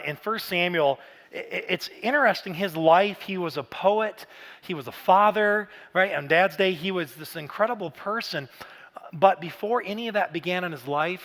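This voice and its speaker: High-voiced animated man preaching. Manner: casual, animated storytelling with bursts of shouting. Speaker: pastor. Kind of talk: Father's Day sermon. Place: large church auditorium. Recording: church hall reverb.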